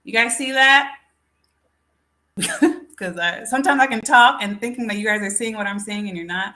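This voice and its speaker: A woman's voice: fairly high pitch, moderate pace, bright, forceful tone. A woman hosting a casual live stream, talking straight to her viewers and calling them folks. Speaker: livestream host.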